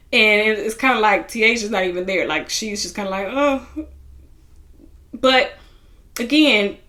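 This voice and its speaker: A woman with a medium-pitched, bright, forceful voice chattily recaps a reality TV episode. She acts out what people said in quoted voices and keeps saying "you know" among many other fillers.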